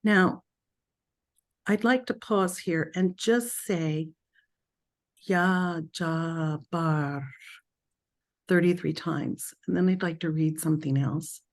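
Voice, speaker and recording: A woman leading a spiritual group through a reflective talk, speaking thoughtfully with pauses and self-corrections. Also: lowish voice.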